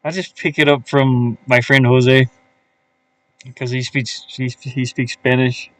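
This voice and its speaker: A man talking slowly and unhurriedly in a casual live stream, half to himself as he works. He mutters and thinks aloud, trailing off with fillers. His voice sits at an ordinary middle pitch. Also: little pitch movement, a bit bright. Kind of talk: casual live-stream commentary while working. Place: his van.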